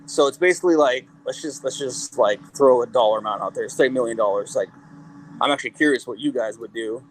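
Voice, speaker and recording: A man's voice: mid-range voice, quick pace, slight background noise, rough recording. A man guest on an interview show who tells long stories in a casual, rambling way. He swears a lot, leans on fillers, and acts out quoted dialogue. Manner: rambling, profane, full of "like" fillers. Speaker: guest, cannabis company CEO and musician.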